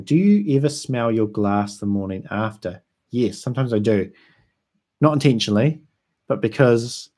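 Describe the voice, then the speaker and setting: A young man with a New Zealand accent hosts a laid-back livestream, reading out viewer comments and answering them. His voice sits at an ordinary mid pitch, and he talks loosely with plenty of ums and easy laughter. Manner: relaxed, chatty, frequent ums and laughs. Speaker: whisky YouTuber hosting a livestream.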